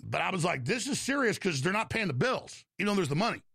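A middle-aged man hosting a talk show, telling a long, heated story in a rambling, rapid-fire way. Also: sits high, very animated, vocal fry, bright, forceful tone, breathy edge, no room sound, clean studio sound. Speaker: show host.

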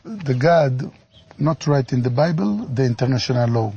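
A man speaking slow, halting, broken English as a lawyer in a played interview clip. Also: mid-range voice, animated, gravelly, dark tone, slightly rough, muffled recording.

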